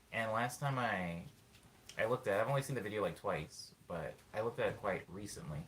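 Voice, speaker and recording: A man, a musician, chatting casually with his stream viewers and rambling as he thinks aloud with lots of fillers. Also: fairly low pitch. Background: loud guitar playing.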